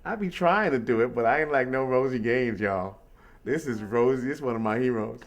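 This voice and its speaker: A man hosting a casual call, telling a rambling, animated story about life as a street musician and often asking "you know what I mean". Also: mid-range voice, brisk.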